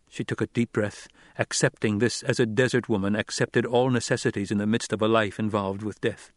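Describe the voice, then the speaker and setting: A man reading scripted audiobook narration in a measured, even storytelling manner. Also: lowish voice, dry recording, clean studio sound.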